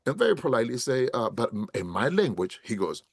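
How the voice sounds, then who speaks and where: A man's voice: medium pitch, quick pace, slightly rough, no echo, studio quality. A middle-aged man telling a story in a casual podcast interview, acting out what people said and calling the host "bro" and "brother". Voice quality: street slang. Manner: animated storyteller, acts out quotes, says "bro" and "brother" often. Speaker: podcast guest, actor.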